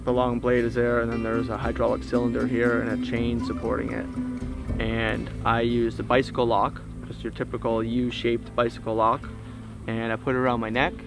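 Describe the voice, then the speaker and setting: A man, a protester, calmly telling in an interview what happened to him, in a plain storytelling manner. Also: medium pitch, gravelly. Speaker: protester recounting events. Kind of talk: documentary interview recollection.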